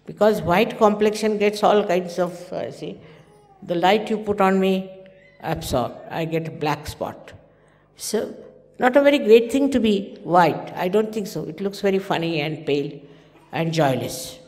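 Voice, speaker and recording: A woman's voice: on the low side, unhurried, a little mellow. A woman in her seventies with an Indian English accent, giving an informal spiritual talk in a conversational, story-telling manner and acting out the dialogue of her anecdotes. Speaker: spiritual teacher. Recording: long hall reverb.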